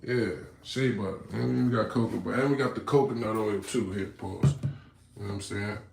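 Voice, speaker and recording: A man's voice: on the low side, steady tone, moderate pace, vocal fry, darkish tone. A man hosting a casual livestream from home, talking in a laid-back, streetwise way with viewers. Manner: laid-back, streetwise, full of "you know what I'm saying". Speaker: livestream host. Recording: roomy, light background noise.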